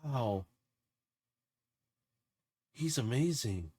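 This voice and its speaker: A man's voice: mid-range voice, animated, drawn-out words, mellow, husky, dry recording, exaggerated voice. A man voicing a nervous, curious young woman who chatters and mumbles to herself while clinging on. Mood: awed.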